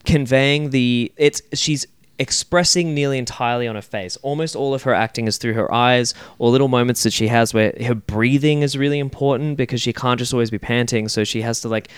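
Smooth-voiced man swearing casually. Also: mid-range voice, fairly quick, dry recording. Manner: rambling, profane, animated storytelling. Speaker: podcast host. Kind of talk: casual chat.

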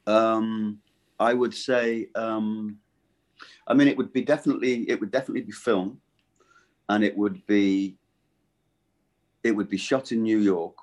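Guest voice actor, middle-aged man, deep low voice, halting and rambling chat. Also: steady tone, darkish tone. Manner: rambling, halting and self-correcting. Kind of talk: casual interview chat.

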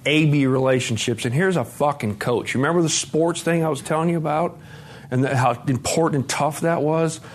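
Speaking fairly quickly in a higher-pitched voice, this middle-aged man from Montana, USA shares his story at a recovery conference. His account is frank and full of swearing, and he performs the conversations as he goes.

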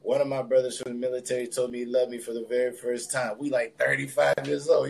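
A man guest on a podcast interview, telling a personal story in a relaxed, reflective way with plenty of casual fillers. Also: medium pitch, fairly quick, gravelly, few pauses. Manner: relaxed, reflective, loose with fillers like "you know" and "like". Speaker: podcast guest, spiritualist and healer.

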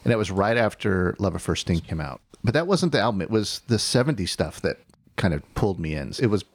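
A middle-aged man co-hosts a podcast in a relaxed, wry tone. His voice is fairly low and sounds dry and close to the mic. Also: fairly quick, dry recording. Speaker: podcast co-host. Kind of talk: casual chat.

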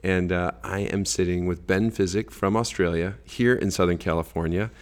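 American man, very deep voice, easygoing podcast host. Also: steady tone, normal speed. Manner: friendly and easygoing, with laughs and fillers. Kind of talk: casual interview chat.

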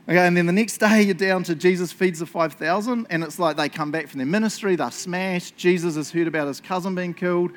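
A man preaching a casual sermon, telling stories in an excitable, chatty way and laughing along. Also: high-pitched, brisk.

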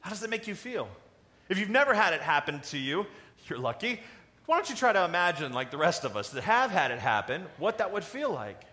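A man preaching a sermon in a conversational, animated way, asking the congregation questions. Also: high-pitched, a little fast. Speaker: pastor.

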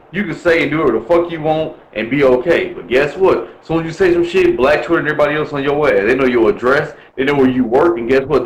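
A man's voice: medium pitch, reverberant, low-quality recording. A man from Milwaukee talking bluntly and profanely in a casual chat, ranting with lots of swearing. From Milwaukee, USA.

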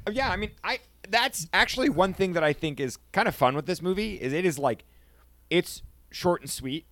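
A man co-hosting a casual movie podcast, excitable and insistent, tossing in "dude" and "man". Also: high voice, moderate pace, dry recording. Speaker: podcast co-host. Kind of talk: casual movie-review chat.

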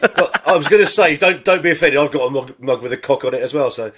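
A man's voice: a little high, fast, fairly bright tone. An English man co-hosting a podcast, laid-back and self-deprecating in casual chat. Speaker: podcast co-host.

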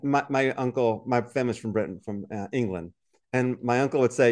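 Man, podcast co-host, casual chat, mid pitch, animated storyteller who acts out the quotes. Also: a little fast.

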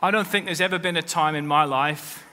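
Male pastor preaching, sharp bright voice, pitched up, church reverb trailing off. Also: steady tone, brisk. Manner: preaching with rising emphasis and quoted scripture. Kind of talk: sermon. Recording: long hall reverb.

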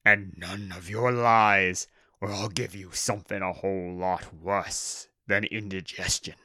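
A man voicing a huge, bullying orc boss who bellows slow threats, in a storybook reading. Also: deep voice, fairly even intonation, pushed and bright, no room sound, clean studio sound. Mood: threatening.

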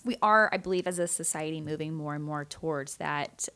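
A woman's voice: sits low, fairly quick, fairly bright tone. Frank woman in casual chat. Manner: frank, dismissive, swears casually. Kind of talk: casual conversation.

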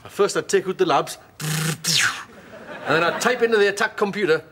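A man's voice: high voice, moderate pace, pushed and bright, a little hiss or hum. A man telling rambling, boastful stories in a comic chat. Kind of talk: comic skit call.

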